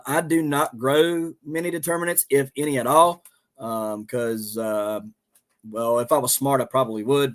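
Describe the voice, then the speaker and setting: Southern man, homestead host, casual rambling livestream talk, middle pitch. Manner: rambling, folksy, many fillers.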